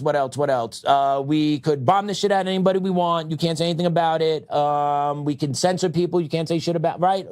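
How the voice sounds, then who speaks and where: A man's voice: fairly high pitch, brisk, hardly any pauses, darkish tone. A middle-aged man hosting a show, delivering a heated political commentary monologue with asides and short laughs. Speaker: show host.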